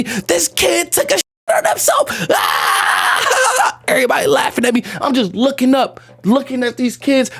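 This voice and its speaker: A man with a notably high-pitched voice tells a painful childhood story straight into the camera. He is animated and repetitive, drops slang and swears, and sounds close to tears throughout. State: emotional, on the edge of tears. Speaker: vlogger telling a personal story. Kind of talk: emotional storytime monologue.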